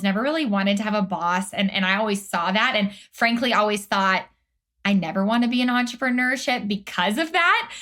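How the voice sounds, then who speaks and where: A woman's voice: medium pitch, pushed and bright. A young adult woman from Atlanta, talking as an interview guest in an upbeat, chatty way full of fillers. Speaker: guest, career strategist. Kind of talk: casual interview chat.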